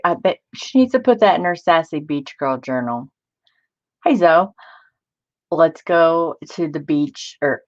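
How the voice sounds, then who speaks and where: A woman's voice: deep voice, darkish tone, highs cut off. A woman hosting a casual live stream, chatty and laughing often as she greets viewers by name. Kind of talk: casual live-stream chat while crafting.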